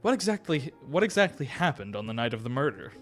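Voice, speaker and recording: A man's voice: mid-range voice, very animated, fast, faint music behind, natural voice. A man voicing a polite, formal male falcon lawyer in a video game.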